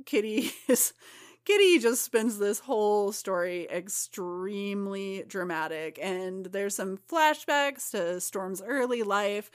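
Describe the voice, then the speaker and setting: A woman co-hosts a podcast and recaps a comic book story in easygoing conversation. She talks at a mid pitch, with a lively and laughing delivery. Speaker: podcast co-host. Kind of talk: casual chat.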